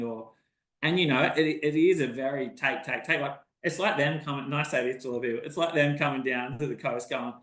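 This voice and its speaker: A man's voice: medium pitch, a little fast, fairly bright tone. An Australian man, a podcast guest, chatting casually and rambling through stories while acting out conversations. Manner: rambling storyteller, acts out conversations. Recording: roomy echo.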